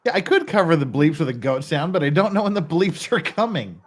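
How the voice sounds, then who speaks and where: A man from Utah riffs on police footage in a sarcastic, joking way, breaking into laughter often. His voice sits a little high and jumps around a lot in pitch. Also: animated, brisk. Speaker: host commenting on police footage. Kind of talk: live-stream commentary.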